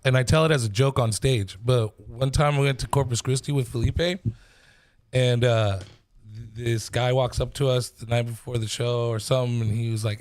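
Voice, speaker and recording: A man's voice: medium pitch, steady tone, moderate pace, a little mellow. A man, a comedian guest on a podcast, chatting casually and telling rambling stories full of slang and swearing. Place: podcast studio.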